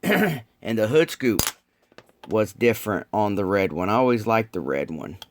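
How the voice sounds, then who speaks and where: A man's voice: lowish voice, lively intonation, a little slow, a little hiss or hum. A man chatting casually with viewers while building model cars, rambling and laid-back with lots of ums. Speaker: model car builder streaming live. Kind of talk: casual live-stream chat.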